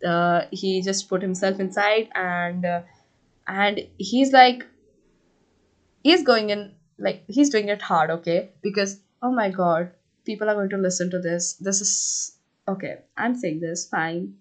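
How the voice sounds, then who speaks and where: A woman's voice: mid-range voice, measured pace. A woman hosting a podcast, recapping a book in casual chat, often hesitating, checking in with "okay?" and spelling out explicit words as she reads quotes. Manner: chatty, hesitant, frequent "okay?" check-ins. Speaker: podcast host.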